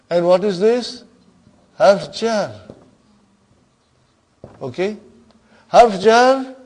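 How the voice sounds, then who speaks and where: Guy teaching arabic grammar to a class, slow and patient, keeps checking in with students. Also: on the high side, a little mellow.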